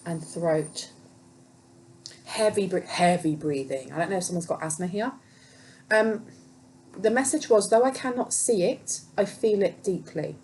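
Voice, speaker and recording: A woman's voice: lowish voice, darkish tone, a little hiss or hum, rough recording. A woman giving a casual spiritual tarot reading to camera at home. She rambles, passes on channeled messages and says um a lot. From Britain. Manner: chatty and rambling, reports channeled messages, many ums and restarts. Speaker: tarot reader. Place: home room with windows open by a busy road.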